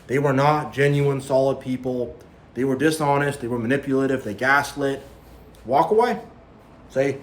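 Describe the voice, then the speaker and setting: A man's voice: mid-range voice, normal speed, echoey room, slight background noise. A man giving a preachy, repetitive monologue as a spiritual vlogger, warning listeners and mocking others in quoted voices. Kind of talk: impassioned monologue to camera.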